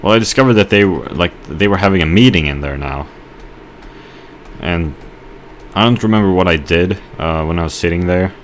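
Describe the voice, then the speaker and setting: A man giving rambling let's play commentary, telling a halting story with mock outrage while he plays. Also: low-pitched, slight background noise. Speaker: gamer.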